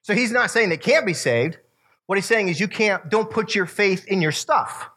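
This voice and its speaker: Male youth pastor, bright and slightly high voice, casual animated preaching. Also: normal speed. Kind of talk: sermon.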